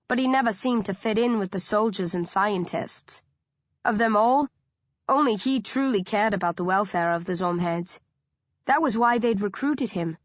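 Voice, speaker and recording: A woman reading a first-person audiobook narration in a steady storytelling manner. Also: mid-range voice, dry recording, dull audio.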